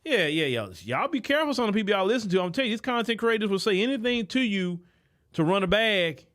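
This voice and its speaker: A man with a somewhat high voice delivers a commentary monologue as host of his show. He lectures his listeners emphatically, circling back on points and stalling on drawn-out fillers. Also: sing-song, a bit bright.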